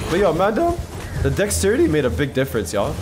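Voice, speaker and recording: A male streamer giving excitable live gameplay commentary, swearing and talking to his chat from his PC. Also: fairly high pitch, fast, background noise. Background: game music.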